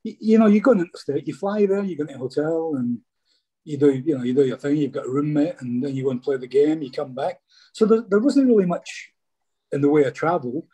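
A man's voice: fairly high pitch, quick pace, dark tone, husky. A Scottish former footballer, a man, chatting casually in an interview and telling rambling stories, often saying "mate". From Scotland.

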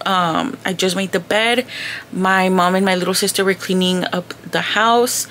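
A woman's voice: fairly low pitch, fairly bright tone, slight background noise. A young woman talking casually to her vlog viewers, chatty and loose, sprinkling in Spanish words. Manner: chatty, says "like" and "girl" a lot, mixes in Spanish words. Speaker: vlogger. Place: at home in her bedroom.

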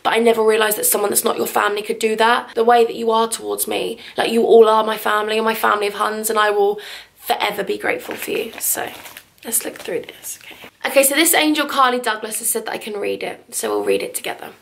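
A woman's voice: fairly high pitch, steady tone, fast talker, vocal fry, a bit bright. A young English woman vlogging, gushing and tearful as she talks to her viewers. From England. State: teary. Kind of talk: emotional vlog chat.

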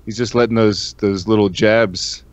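Profane, laughing podcast host, lo-fi. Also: male voice, lowish voice, fairly even intonation, moderate pace. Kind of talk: casual chat. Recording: dull lo-fi mic.

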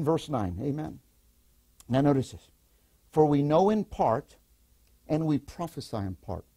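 An older man preaching a sermon as pastor, animated, repeating phrases and calling the congregation to respond. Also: fairly high pitch, breathy edge.

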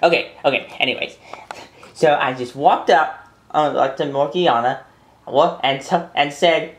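A woman's voice: low-pitched, measured pace, a little hiss or hum. A woman doing a fibbing male train engine. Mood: sheepish. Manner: hesitant, stumbling, full of fillers. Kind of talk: fan-made toy train video voice acting.

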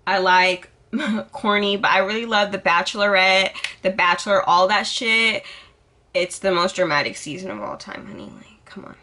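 A young woman with a bright, sharp voice chats to her camera in a casual vlog. She is sassy and over the top, swearing freely and hamming up her answers. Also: medium pitch, moderate pace. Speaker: vlogger. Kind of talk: casual get-to-know-me vlog.

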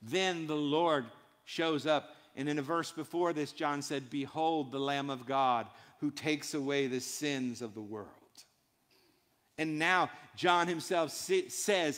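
A man's voice: on the high side, slow, fairly bright tone. Emphatic preaching man, big hall reverb. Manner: emphatic preaching in short repeated phrases. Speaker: pastor. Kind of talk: sermon. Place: church sanctuary.

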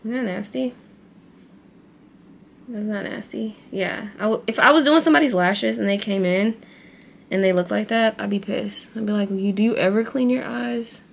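A woman's voice: mid-range voice, normal speed, vocal fry, long pauses, slight background noise. A young woman vlogging in a casual, chatty way, talking straight to her viewers with lots of fillers. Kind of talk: casual vlog chat.

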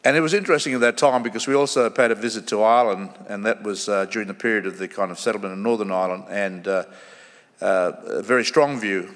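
A man's voice: on the low side, fairly bright tone. Australian man lecturing in a reverberant hall. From Australia, Kimberley region. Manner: measured, pausing with ums, acting out quoted voices. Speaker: guest lecturer. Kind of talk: formal lecture with storytelling.

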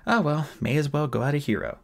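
A man's voice: on the high side, expressive, fast, creaky, pitched above the performer's own voice. A man doing a flustered little elf officer. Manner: flustered, babbling. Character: nervous, boastful young male elf officer.

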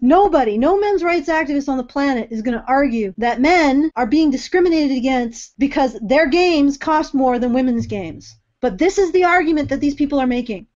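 A woman's voice: high voice, lively intonation, normal speed, hardly any pauses, darkish tone, highs cut off. A woman co-hosting a casual panel discussion, talking with mock-indignant sarcasm. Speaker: podcast co-host.

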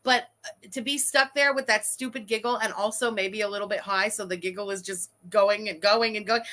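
Fairly high-pitched and bright, this commentary host speaks quickly with a forceful yet steady tone. She reacts to a livestream bluntly and sarcastically, cursing freely.

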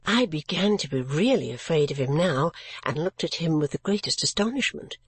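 Female audiobook narrator, breathy, dry studio sound, gentle measured reading. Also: low voice, animated, no room sound.

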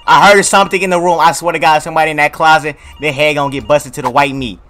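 A man giving let's play commentary on a horror game, loud and jumpy, joking through his reactions in heavy slang. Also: fairly high pitch, fairly even intonation, quick pace, faint music behind. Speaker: gaming video creator.

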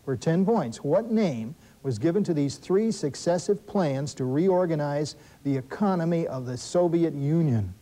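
A man hosting a school quiz show, reading questions briskly and adding wry asides and corrections for the teams. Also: fairly high pitch, animated, dark tone, slight background noise, poor audio. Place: television studio.

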